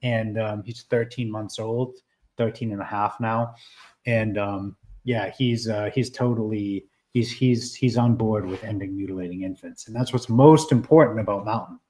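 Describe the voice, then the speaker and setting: A man hosting a casual live stream, talking in an animated way with many fillers and restarts. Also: lowish voice, normal speed, low-quality recording. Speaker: livestream host.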